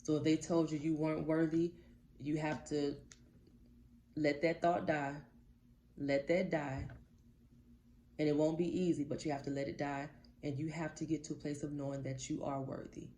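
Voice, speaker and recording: A woman's voice: low-pitched, little pitch movement, normal speed, pauses often, mellow. Blunt, emphatic woman life coach. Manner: emphatic, blunt, repeats her points for stress; casual, slangy, addresses viewers directly. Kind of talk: motivational talk to camera.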